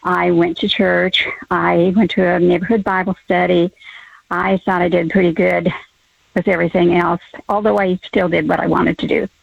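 A woman's voice: on the low side, little pitch movement, creaky, no echo. Older woman calling in over a phone. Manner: hesitant, with many pauses and fillers. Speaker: caller. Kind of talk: telling a personal faith story on a call-in show. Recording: tinny phone line.

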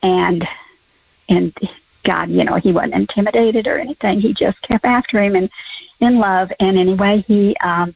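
Older lady caller, raspy voice, hesitant, dry muffled phone sound. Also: mid-range voice, normal speed, dry recording. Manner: hesitant, many ums, laughs softly. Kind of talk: telling a personal story on a call-in show.

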